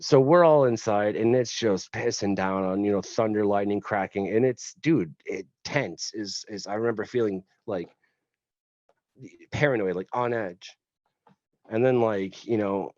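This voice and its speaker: A man's voice: fairly low pitch, a little mellow, dry recording. A man from West Tennessee, a podcast guest, telling a story in a rambling, joking way and swearing casually. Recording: dull lo-fi podcast audio.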